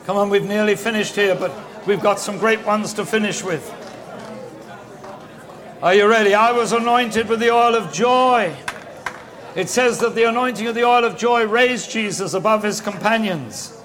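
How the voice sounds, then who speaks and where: A man's voice: high-pitched, moderate pace, fairly bright tone, some chatter behind. A man preaching a sermon, urging the congregation to speak out, his voice strained.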